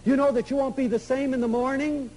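A man giving an emotional, storytelling lecture to an audience, swinging from loud to soft. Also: very high-pitched, little pitch movement, quick pace, rough recording.

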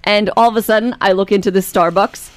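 A woman co-hosting a radio show, chatty and teasing, telling stories with lively energy. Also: medium pitch, fast talker, no echo. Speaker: radio host. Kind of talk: morning radio banter.

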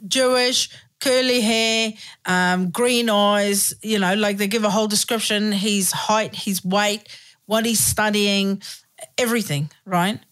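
A woman's voice: medium pitch, fairly even intonation, slow, fairly bright tone. A woman from South Africa co-hosting a comedy podcast, chatting bluntly with plenty of swearing. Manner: blunt, swears freely, laughs easily. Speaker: podcast co-host. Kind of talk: casual comedic chat.

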